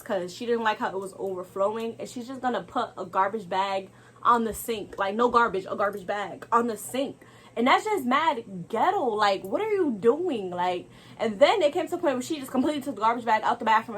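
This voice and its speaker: A young woman telling a casual storytime to camera, animated and exasperated, throwing rhetorical asides to viewers. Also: fairly high pitch, slight background noise.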